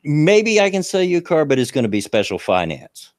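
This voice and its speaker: Animated man telling stories. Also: fairly high pitch, brisk, dry recording, clean studio sound. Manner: chatty, laughs through his own story, frequent restarts. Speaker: show host telling a story. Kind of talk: casual storytelling chat.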